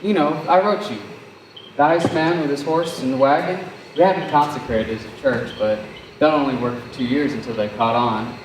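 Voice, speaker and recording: A teenage boy playing a wordy, sardonic young man in a high school stage play, talking in a theatrical way. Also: moderate pace, lightly acted. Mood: insistent. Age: teens. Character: fast-talking self-assured young man courting. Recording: roomy, distant mic, faint noise.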